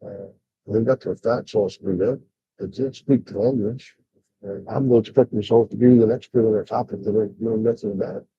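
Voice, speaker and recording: A man's voice: on the low side, fairly even intonation, fairly quick, slightly rough. An older man rambling casually on a livestream, bluntly complaining, with many fillers and restarts. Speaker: vlogger. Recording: dull lo-fi sound.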